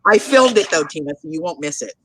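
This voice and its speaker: Bright-voiced older woman, teasing. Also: low voice, animated, fast, slight background noise, rough recording. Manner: playful, teasing. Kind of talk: casual chat.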